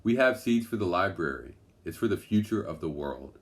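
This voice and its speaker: A man's voice: low-pitched, expressive, moderate pace. A man voicing a brave young girl adventurer in a storybook, speaking in a determined, earnest way.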